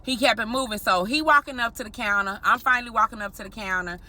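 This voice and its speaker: A married woman telling an animated story straight to her viewers in a vlog, often calling them y'all. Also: a little high, quick pace. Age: adult, married. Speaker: vlogger.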